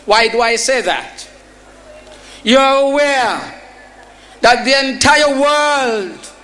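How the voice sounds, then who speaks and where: A man giving a formal public speech as a prime minister, slow and deliberate with emphatic stresses. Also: very high voice, sharp tone.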